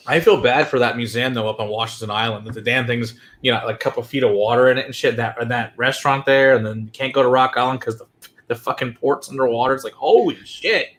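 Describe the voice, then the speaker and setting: A man co-hosting a casual chat, telling travel stories in a profane, animated way. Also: medium pitch, brisk. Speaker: whiskey show co-host.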